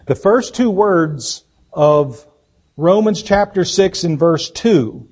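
A man delivers a sermon with a voice pitched a little higher than most men's. He speaks in a deliberate, emphatic way and leans hard on key words. He stumbles over fillers and restarts as he talks. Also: animated, a little mellow, husky. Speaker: pastor. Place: church sanctuary.

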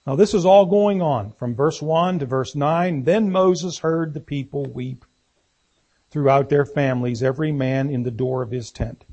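Husky-voiced man preaching a folksy sermon. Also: on the high side, moderate pace, mellow. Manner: folksy, asks the congregation questions.

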